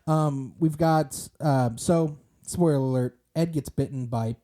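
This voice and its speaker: A man's voice: fairly high pitch, takes it slowly, mellow. A man co-hosting a podcast, chatting casually about a movie, rambling with lots of fillers and restarts. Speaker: podcast co-host.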